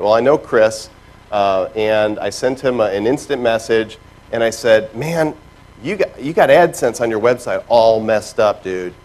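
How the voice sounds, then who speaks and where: A man giving a lively seminar talk to a live audience, telling stories with sound effects and mimicked voices. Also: medium pitch, rough recording. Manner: animated storytelling with character voices and sound effects. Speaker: keynote speaker. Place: stage before a live audience.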